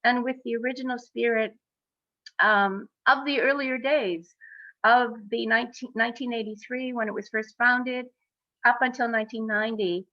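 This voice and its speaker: A woman co-founder speaking on a panel over a video call, in an earnest, halting way with many fillers. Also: a little high, fairly even intonation, no room sound, muffled recording. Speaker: exhibition co-founder.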